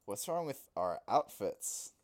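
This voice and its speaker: Crazy, vain super soldier with slow mock worry, read by a man. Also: on the low side, big pitch swings. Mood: mock-worried.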